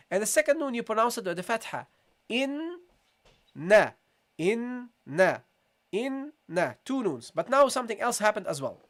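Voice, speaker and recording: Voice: mid-range voice, fairly bright tone. Patient teacher with a slight cold. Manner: patient, repeats sounds slowly, calls listeners "guys". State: has a slight cold, clears throat. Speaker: Quran recitation teacher. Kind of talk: tajweed lesson, live session.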